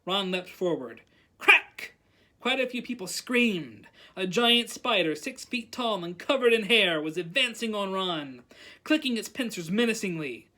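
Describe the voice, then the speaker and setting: A librarian reading a novel aloud at storytime, animated and calling out the characters' lines. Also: medium pitch, normal speed.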